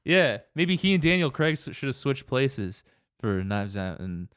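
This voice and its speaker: A relaxed man chats on a podcast and laughs easily. His voice is mid-pitched. The sound is dry and close, with no room echo. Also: clean tone. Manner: easygoing, quick to laugh. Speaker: podcast co-host. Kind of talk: casual podcast chat.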